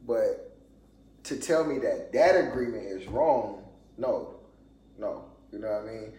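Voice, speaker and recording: A man's voice: fairly low pitch, measured pace, mellow, reverberant, rough recording. A man co-hosting a podcast in casual chat, talking in a loose conversational way, often checking in with "you know what I mean" and laughing now and then. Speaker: podcast co-host.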